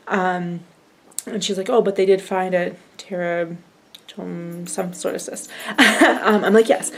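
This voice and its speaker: A woman's voice: mid-range voice, darkish tone. A woman in her thirties giving a casual vlog update, chatty and retelling conversations in quoted back-and-forth. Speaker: vlogger.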